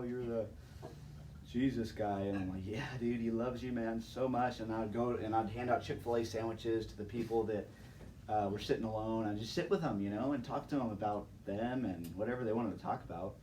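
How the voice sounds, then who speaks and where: A man's voice: on the low side, steady tone, fairly quick, a little mellow. A young man casually telling his personal testimony to a live audience. He speaks in a laid-back, chatty way, laughs often and calls people "man" and "dude". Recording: distant mic with faint background noise.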